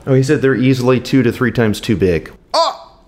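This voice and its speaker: A man in casual conversation whose pitch rises and falls a lot as he talks. He jokes, swears freely and tells stories with animated delivery. His voice sits in an ordinary middle register. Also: normal speed, slight background noise. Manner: joking, profane, animated storytelling. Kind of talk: casual chat.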